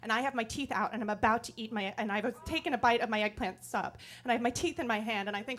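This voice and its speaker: A woman comedian telling a self-deprecating story on stage in an animated, comic way. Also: fairly high pitch, quick pace, hardly any pauses. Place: live storytelling stage before an audience.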